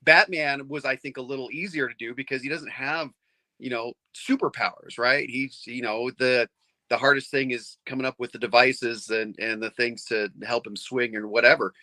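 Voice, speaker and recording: A middle-aged man chatting casually as a comics fan, rambling and excited, with lots of restarts. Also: medium pitch, normal speed, dry recording. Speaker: comics fan on a panel show. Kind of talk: casual chat.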